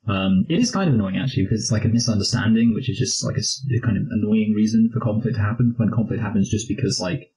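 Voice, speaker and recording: Young man, mellow dark voice, rambling and jokey, casual review chat. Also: fairly low pitch, fast talker, hardly any pauses, poor audio. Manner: rambling, jokey, slips into posh impressions. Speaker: co-host of a movie review show.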